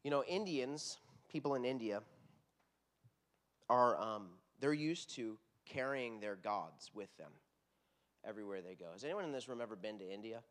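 A man's voice: medium pitch, moderate pace, a bit bright. A middle-aged man with a Texan accent, a worship pastor preaching a sermon in a conversational, earnest, storytelling way.

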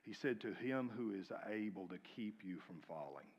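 A man preaching a sermon, swinging from loud, urgent calls to quiet near-whispers and calling on the congregation to repeat his lines. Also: on the low side, animated, moderate pace, lo-fi sound, slight background noise. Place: church sanctuary. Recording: long reverb of a large hall.

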